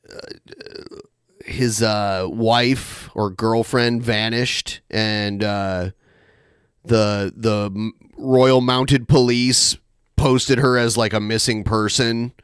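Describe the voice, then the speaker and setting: A man's voice: lowish voice, a bit bright, clear, resonant tone, no room sound, studio quality. Casual, rambling male podcast host. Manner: rambling, with many fillers and hesitations. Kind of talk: casual chat.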